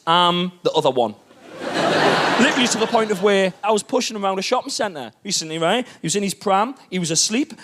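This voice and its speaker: A man's voice: sits high, a bit bright. A man, doing a stand-up set in an exasperated, ranting manner. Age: 30s. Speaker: stand-up comedian.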